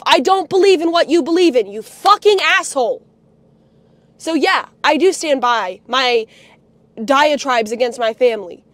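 A woman's voice: extremely high pitch, big pitch swings, normal speed, dry recording. A young woman livestreamer ranting bitterly, full of profanity and heated outbursts. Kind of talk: livestream rant.

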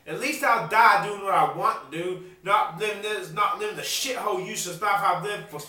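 A man ranting in a rough, heavily profane rant, bursting into shouts and loud laughs. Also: high-pitched, normal speed, pauses often. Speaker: amateur rapper vlogging. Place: outdoors on a street. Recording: very echoey, distant from mic, noisy.

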